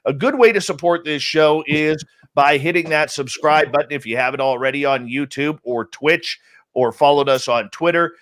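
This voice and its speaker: A man's voice: a little high, moderate pace, a bit bright. A man hosting a live radio stream, joking casually as he greets people in the chat room by nickname. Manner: jokey, upbeat, rambling roll call with teasing nicknames. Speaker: radio show host. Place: home studio in central British Columbia.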